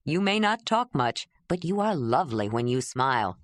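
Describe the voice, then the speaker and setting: A woman narrator voicing a patient, earnest young man who talks slowly and clearly in an audiobook. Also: extremely low pitch, big pitch swings, no room sound, studio quality, pitched below the performer's own voice. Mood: tender. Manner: coaxing, speaks slowly and clearly.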